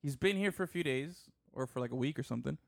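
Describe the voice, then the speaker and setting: A man's voice: mid-range voice, fast talker, creaky. A man hosting a casual podcast, joking with his co-hosts and laughing often. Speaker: podcast host.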